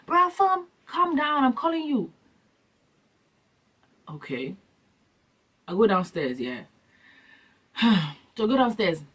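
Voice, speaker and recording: A young adult woman vlogging, telling comic stories in an animated, slangy way and acting out scenes. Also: lowish voice, husky. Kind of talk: comic storytelling vlog. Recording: distant from the mic.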